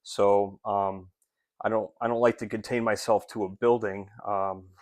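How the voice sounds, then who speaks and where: Man, low voice, earnest and rambling, lots of ums, dry close recording. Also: little pitch movement, measured pace, a little mellow, no room sound. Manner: earnest, rambling with many fillers and restarts. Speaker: street outreach ministry leader. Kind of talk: casual spoken update to supporters. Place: Rochester area.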